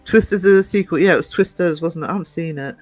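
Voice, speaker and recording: A man chatting casually in a fairly high voice, wandering from one anecdote to the next. He fills his talk with ums and restarts, and faint music plays underneath. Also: fast, no room sound, low-quality recording. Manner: rambling anecdotes, frequent fillers and restarts. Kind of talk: casual chat.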